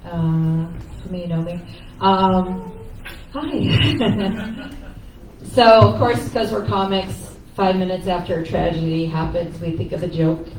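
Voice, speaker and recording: A woman's voice: fairly low pitch, slow, a little mellow. A woman who is a stand-up comedian, giving a candid, joking eulogy on a cafe stage and laughing between lines. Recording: echoey room from far off, noisy.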